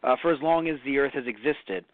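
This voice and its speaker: A man co-hosting a casual review podcast, rambling and animated, cursing now and then. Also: mid-range voice, fast talker, no room sound. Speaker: podcast co-host. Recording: tinny phone-like audio.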